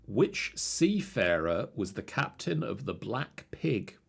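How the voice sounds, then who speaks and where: Male quiz host, low and gravelly, relaxed, repeats each question. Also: slow pace. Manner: easygoing, laughs along, reads questions twice. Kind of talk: live online quiz hosting.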